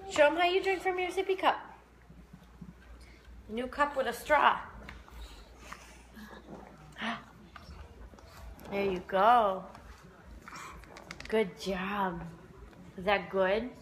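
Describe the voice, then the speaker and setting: A woman's voice: fairly high pitch, extremely slow, pauses often, a bit bright, slight background noise. A mother filming her baby on a phone camera, talking in cooing, sing-song baby talk with small gasps.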